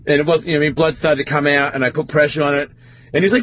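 A man's voice: a little high, rapid-fire, slight background noise. A man, casually telling a story on a podcast and swearing often. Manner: swearing often, animated retelling.

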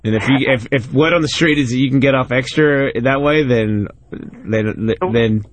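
A male radio host trading crude jokes and quick laughs with his co-host and callers. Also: mid-range voice. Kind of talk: raunchy comedy radio banter.

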